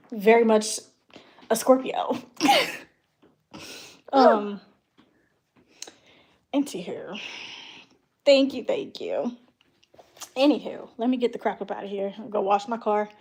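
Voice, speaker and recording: A woman's voice: on the high side, breathy edge. A young woman chatting casually on her vlog, laughing often and trailing off with ums while she talks aside to her toddler. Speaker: beauty vlogger and mother.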